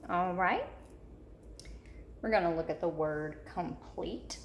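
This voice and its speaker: A woman teaching a third-grade spelling lesson, patiently repeating each word slowly for young children. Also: lowish voice. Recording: echoey room with faint noise.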